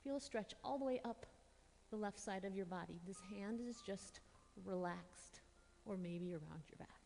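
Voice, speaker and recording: A woman teaching a yoga class, giving calm, encouraging step-by-step cues while slightly out of breath. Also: medium pitch, moderate pace, gravelly, in a large hall, slight background noise. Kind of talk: guided yoga class instruction.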